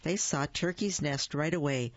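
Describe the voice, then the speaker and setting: A reader narrating a children's holiday story in a slow, deliberate way. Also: mid-range voice, muffled recording. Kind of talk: children's story read-aloud.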